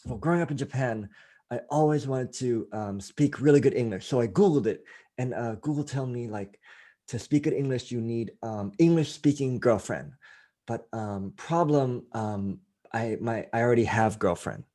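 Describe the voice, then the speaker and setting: Man doing deadpan young guy, halting broken English, soft and flat. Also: medium pitch, close to an everyday voice.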